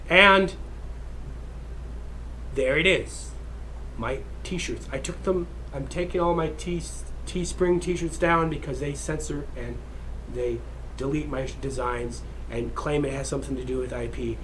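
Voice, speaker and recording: A man's voice: medium pitch, measured pace, fairly bright tone, slight background noise. A man ranting in a crude, heated, rambling monologue as a vlogger.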